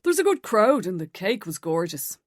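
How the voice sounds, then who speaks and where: A woman narrator voicing a kindly, warm man, a manager. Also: medium pitch, sing-song, normal speed, no room sound, clean studio sound. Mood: friendly. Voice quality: warm and easygoing.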